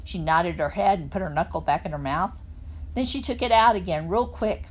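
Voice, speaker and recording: A woman reading a children's novel aloud in a plain, steady narrating voice. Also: lowish voice, normal speed. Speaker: reader.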